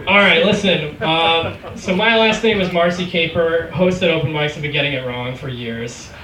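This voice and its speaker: A man's voice: on the high side, normal speed, a crowd in the background. A man hosting an open mic, introducing the next comic as a loose, joking emcee. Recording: echoey bar from far off, noisy.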